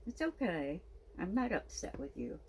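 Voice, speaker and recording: A woman's voice: fairly low pitch, sing-song, normal speed, vocal fry, darkish tone, a little hiss or hum. A woman talking to her pet snake in a casual vlog, cooing baby talk, a little stuffy from her sinuses. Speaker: snake keeper.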